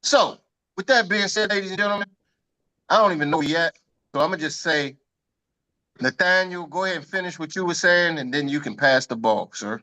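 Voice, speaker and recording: A man's voice: a little high, lively intonation, brisk, pushed and bright. A man hosting a group video call with playful, hype-man banter. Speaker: host.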